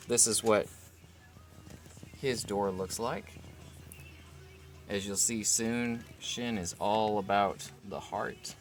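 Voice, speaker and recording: Rambling low-voiced man unboxing a figure. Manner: relaxed, rambling, frequent fillers and self-corrections. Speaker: vlog host unboxing a collectible figure. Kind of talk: casual unboxing commentary. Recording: steady background noise.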